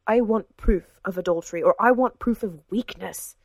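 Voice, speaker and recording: A woman's voice: fairly low pitch, moderate pace, dry recording, natural voice. Woman reading as a spiteful, whiny aristocrat in a storybook, hissing his demands. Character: older nobleman, whiny and spiteful.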